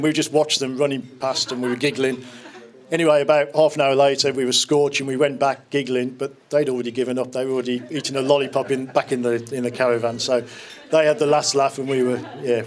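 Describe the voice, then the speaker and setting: Man, fifties, mid-range voice, speaking at a wedding reception; warm-hearted jokes and memories, casual restarts. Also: medium pitch. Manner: fond, joking storytelling with small restarts. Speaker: wedding speaker standing in for the bride's father. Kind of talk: wedding speech.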